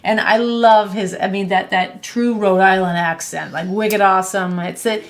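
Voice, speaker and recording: A middle-aged woman from New Hampshire hosting a travel chat, animated and quick to laugh, often restarting her sentences. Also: medium pitch. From New Hampshire, USA. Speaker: travel show host. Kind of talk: casual chat.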